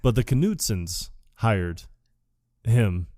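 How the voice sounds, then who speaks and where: A man's voice: lowish voice, animated, drawn-out words, warm tone, no echo, studio quality. A man co-hosting a podcast, casually retelling a film plot in a rambling way and acting out the characters' lines. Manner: rambling, acts out quoted lines. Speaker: podcast co-host.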